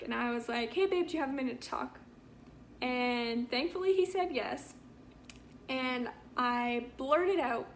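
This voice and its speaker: A woman's voice: high voice, a little hiss or hum. A young woman from Canada, pregnant, telling a personal story-time vlog in an earnest, emotional way. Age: young adult. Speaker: vlogger.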